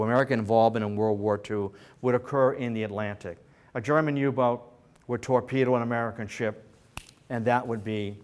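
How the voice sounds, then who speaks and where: A man giving a history lecture to a senior center audience, telling stories in an animated way with joking asides and frequent restarts. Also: mid-range voice.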